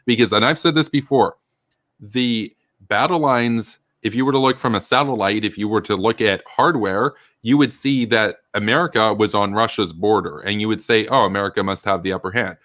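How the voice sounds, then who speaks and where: Ranting man with a bright, dry voice. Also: lowish voice, moderate pace, no room sound. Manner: heated, ranting, swears freely. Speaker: political commentary host. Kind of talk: casual political commentary chat.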